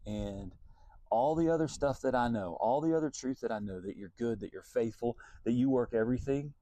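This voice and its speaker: A man's voice: medium pitch, a little fast, warm tone, no room sound. A man, a Christian singer-songwriter, giving an earnest, reflective devotional talk and thinking aloud as he goes.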